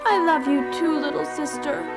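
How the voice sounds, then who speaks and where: A woman's voice: high voice, normal speed, loud music behind the voice. A woman voicing Joe, a bookish, hot-tempered teenage girl in a dubbed cartoon. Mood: remorseful.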